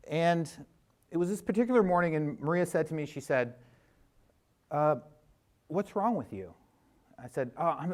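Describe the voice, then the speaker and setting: A middle-aged man speaks into a stage microphone in a large theater. His voice sits at an ordinary mid pitch. He talks in a loose, chatty way, pokes fun at himself, and stumbles into restarts as he goes. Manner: chatty and self-deprecating, with fillers and restarts. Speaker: conference speaker. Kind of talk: conference talk.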